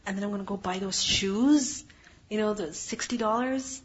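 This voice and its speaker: A woman's voice: mid-range voice, moderate pace, breathy edge. A woman voicing a spoiled, greedy teenage girl who rattles off long breathless wish lists. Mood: dreamy. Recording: dull lo-fi recording.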